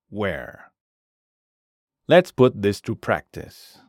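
A man teaching a grammar lesson in a scripted, measured way, giving each word and then its translation. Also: on the low side, animated, no room sound, studio quality. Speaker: language teacher.

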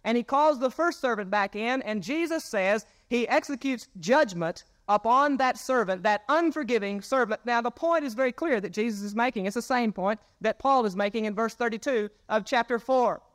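A man's voice: extremely high pitch, moderate pace, hardly any pauses, fairly bright tone, no echo, studio quality. A man preaching a Sunday sermon in an earnest way, repeating key phrases for emphasis. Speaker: pastor. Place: church sanctuary.

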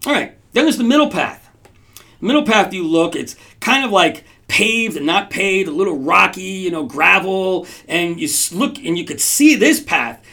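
A man's voice: high-pitched, very animated, moderate pace, gravelly, sharp tone. A man hosting a podcast, telling a story casually to his audience in a rambling way, with restarts and frequent checks like "right?". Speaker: podcast host.

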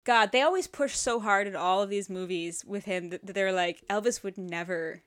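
A woman's voice: medium pitch, normal speed, fairly bright tone, smooth. Sweary, rambling woman reviewing movies. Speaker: podcast co-host. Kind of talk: casual movie review chat.

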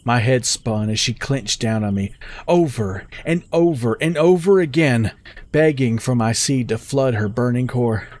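Steady male audio-story narrator. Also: medium pitch, unhurried. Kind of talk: scripted first-person narration.

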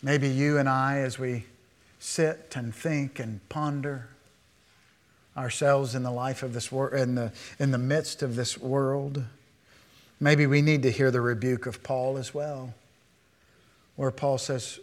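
A man preaching a sermon to his congregation, swinging between a hushed, earnest tone and raised, emphatic declarations. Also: medium pitch, little pitch movement, slow pace, long pauses. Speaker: pastor.

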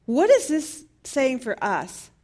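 A woman with a fairly high voice leads a Bible study group. She talks in an earnest, searching way and keeps putting questions to her class. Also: huge pitch swings, slow pace, darkish tone.

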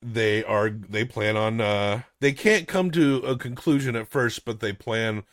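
A man's voice: lowish voice, a little slow, dry recording, studio quality. A young man hosting a casual movie review chat, rambling with lots of fillers and swearing. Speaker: podcast host.

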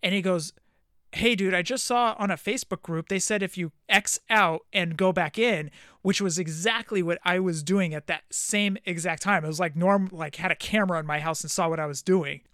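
Casting: male podcast co-host, animated laughing storyteller, dry close sound. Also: sits high, moderate pace, no room sound. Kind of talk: casual chat, reading out text messages.

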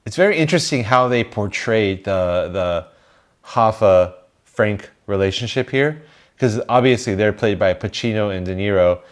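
Low-voiced man chatting about films. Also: animated, normal speed. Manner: opinionated, joking, with some restarts. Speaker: podcast co-host. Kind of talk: casual film review chat.

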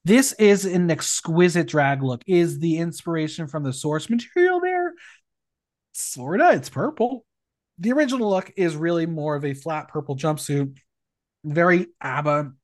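A man hosting a casual recap podcast, opinionated and animated. His voice sits a little high and swings widely in pitch. He is recorded dry and close, with no room sound. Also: moderate pace, no echo. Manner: animated, opinionated, swings between loud and hushed. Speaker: podcast host.

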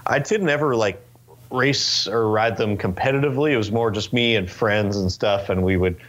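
A man in his twenties from Northern California, telling stories in a relaxed interview chat with lots of fillers and restarts. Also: on the low side, moderate pace, highs cut off. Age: 20s. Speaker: interview guest, race car driver.

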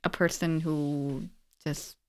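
A woman's voice: low voice, fairly even intonation, slow, dark tone. A woman co-hosting a casual chat, telling personal stories in an earnest, reflective way. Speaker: podcast co-host.

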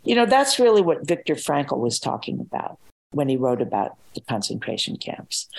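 An older woman, an author being interviewed as a guest, speaks thoughtfully and reflectively, repeating words as she collects her thoughts. Her voice is deep and darkish in tone, and the recording is rough.

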